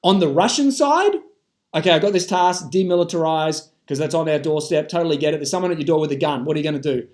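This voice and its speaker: A man's voice: on the high side, fast, darkish tone. An Australian man in an impassioned monologue to camera, emphatic and swearing casually.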